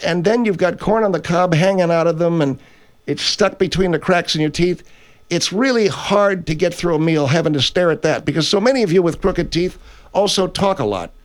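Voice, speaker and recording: A man's voice: high-pitched, animated, normal speed. A man playing a brash grocery store owner who hosts his own radio show, rambling and correcting himself in an improvised comedy bit. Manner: blustery, rambling, self-correcting. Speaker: radio host character.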